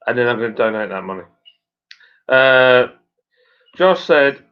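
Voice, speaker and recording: A man with a broad Suffolk accent, hosting a relaxed live stream at home and reading out viewer comments in a rambling, matey way with plenty of fillers. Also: mid-range voice, a little slow, long pauses. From Suffolk, England. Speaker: stream host and brewer. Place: at home by the fire. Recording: dull lo-fi sound.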